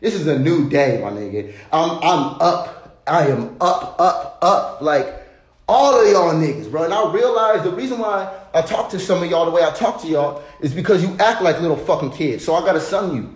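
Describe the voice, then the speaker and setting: A fired-up young man rants straight at his viewers, swearing hard and preaching like a father. His voice sits high for a man. The sound bounces around a bare, echoey room. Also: expressive, normal speed. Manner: passionate, swearing, preachy, calls listeners bro. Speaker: online personality. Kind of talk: heated monologue to viewers.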